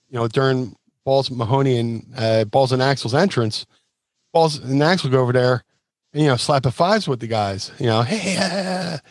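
Animated man telling stories. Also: medium pitch, dry recording. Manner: animated, acts out quotes and sound effects. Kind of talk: casual storytelling.

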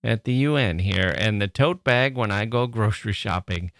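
Chatty male podcast host, low voice. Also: normal speed, dry recording, clean studio sound. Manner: chatty and playful, often laughing; emotional, excitable. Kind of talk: reading listener mail aloud, casual monologue.

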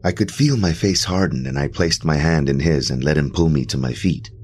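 A man's voice: very deep voice, a little fast, darkish tone, slight background noise. A man narrating a first-person horror story in an emotional, intense way.

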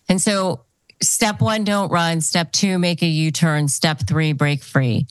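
A woman's voice: on the low side, steady tone, slow pace, smooth, no room sound. A woman hosting a podcast interview who gives advice in an explanatory way and repeats key phrases for emphasis. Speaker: podcast host.

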